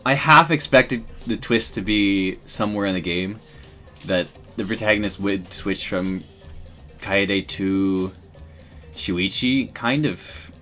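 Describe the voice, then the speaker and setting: A man's voice: lowish voice, slow, sharp tone, faint music behind. A man streaming, talking casually and emotionally in a rambling way with many restarts.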